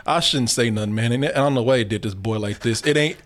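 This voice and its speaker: A man's voice: mid-range voice, fast talker, a bit bright. A man hosting a casual movie reaction chat, talking animatedly with frequent laughter and swearing.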